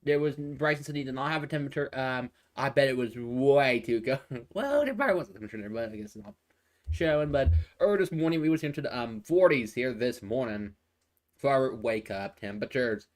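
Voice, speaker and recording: A man's voice: medium pitch, expressive, a little fast. A man giving casual live traffic and weather updates into a phone, rambling and repeating himself with many fillers and restarts. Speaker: amateur weather and traffic presenter.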